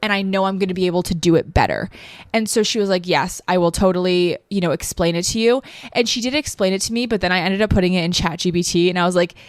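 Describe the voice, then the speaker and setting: A young adult woman hosts a podcast from her living room, telling a personal story in a chatty, filler-heavy way, with "like" cropping up constantly. Her voice is fairly low and she talks fast, her emotions near the surface and sometimes spilling into tears. The recording is dry.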